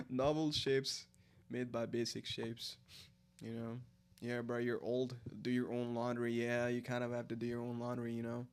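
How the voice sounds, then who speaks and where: A tired young man from India chats loosely with his stream audience, reacting to the chat as he goes. His talk is full of slang and swearing, and he laughs often. His pitch sits in an ordinary middle range. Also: flat delivery, measured pace, clean tone. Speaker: live streamer. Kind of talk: casual chat with viewers while reading the chat.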